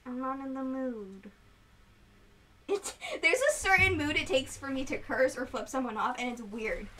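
Brief: sleepy young woman streamer, high bright voice, a bit off-mic, rambles and giggles. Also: moderate pace, far from the mic, a little hiss or hum, low-quality recording. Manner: rambling, giggly, animated storytelling. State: sleep deprived. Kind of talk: casual chat. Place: indoors on a couch at home.

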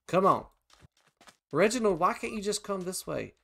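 A man hosting a video game let's play, chatting casually and often bursting into high-pitched shouts and laughter. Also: very animated, unhurried, gravelly. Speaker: gaming channel host.

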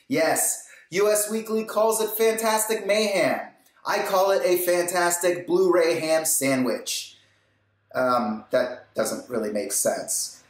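A man hosting a casual unboxing, chatting with joking, self-mocking asides. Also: fairly high pitch. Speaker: host. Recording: echoey room.

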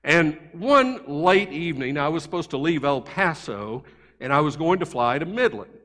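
Storytelling pastor, higher voice, church echo. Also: male voice, normal speed. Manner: conversational, animated anecdotes. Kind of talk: sermon storytelling. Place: church sanctuary.

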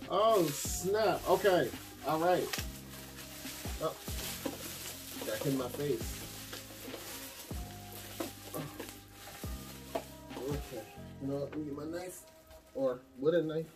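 A man in a casual, slangy unboxing chat, addressing his viewers as a crowd of friends. His voice sits somewhat high for a man and sounds set back from the microphone. Music plays clearly underneath. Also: takes it slowly, pauses often. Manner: slangy, chatty, talks to viewers as "y'all". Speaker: vlogger unboxing anime figures. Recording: distant mic with music behind.

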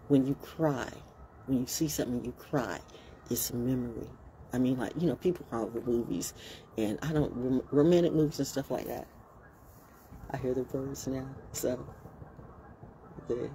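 A woman's voice: very deep voice, mellow. Blunt, fired-up woman ranting outdoors. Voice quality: blunt, passionate, emphatic. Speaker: motivational speaker. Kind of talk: casual spoken monologue. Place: outdoors, birds and passing vehicles. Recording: noisy outdoor recording.

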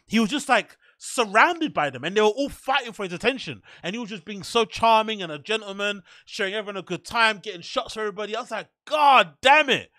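A man hosts a podcast, spinning profane, animated stories with frequent laughs. His voice sits high and rings bright. The sound is dry and close. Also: fast, hardly any pauses, dry recording. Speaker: podcast host. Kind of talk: casual storytelling monologue.

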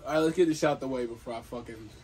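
A man's voice: mid-range voice, rapid-fire, crowd noise. Joking young man in a backyard. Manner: loose, joking, swears a lot. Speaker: vlog co-host. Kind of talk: casual chat. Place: backyard outdoors.

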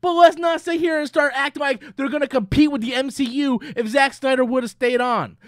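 A man's voice: very high-pitched, dry recording, studio quality. A man hosting his own channel, ranting in a heated, profane way and tagging his points with "right?". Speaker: channel host. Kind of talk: profane opinion rant.

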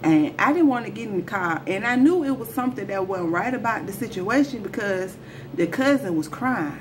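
A woman talks straight to her viewers while she retells a personal story in a casual storytime vlog. Her voice sits at an ordinary middle pitch. Her delivery is loose and animated, full of slang, and a light background hiss stays under it throughout. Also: a little fast. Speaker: storyteller vlogger.

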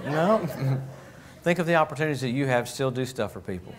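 Animated man preaching a sermon. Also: on the high side, moderate pace, long pauses, crowd noise. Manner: animated, jokey, acts out voices. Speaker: pastor. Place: church.

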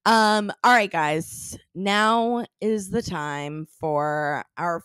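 A young woman co-hosting a podcast, chatting casually with lots of fillers and a bouncy, animated delivery. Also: extremely slow, smooth, no echo. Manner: chatty, lots of fillers, bubbly swings in pitch. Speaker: podcast co-host. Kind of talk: casual chat.

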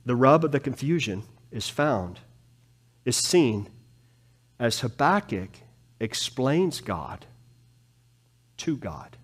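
A man preaching a sermon as pastor in a church, animated, swinging from soft, low passages to loud, pleading ones. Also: slow, long pauses, slightly rough. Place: church sanctuary.

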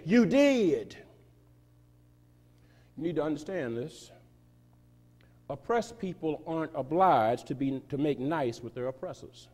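A man preaching a sermon as pastor, reading a quoted text aloud with emphatic, sweeping shifts in loudness and pace. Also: on the high side, lively intonation, a little slow, long pauses. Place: church sanctuary. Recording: reverberant church hall.

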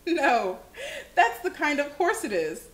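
Loud excited kid girl done by a woman, high voice, roomy echo. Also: takes it slowly, full character voice. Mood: explaining.

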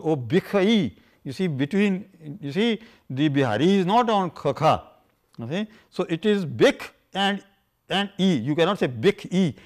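An older man gives an academic lecture in a slightly high voice. He talks haltingly, restarting phrases and leaning on "you see" as he explains vowel patterns. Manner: halting, many fillers, keeps saying "you see". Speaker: lecturer on scripture language.

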